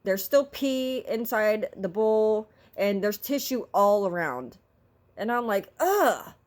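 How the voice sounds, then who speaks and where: A woman's voice: mid-range voice, lively intonation, slow. A middle-aged woman telling a story in a casual vlog, talking in an exasperated, vocal, ranting way. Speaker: vlogger.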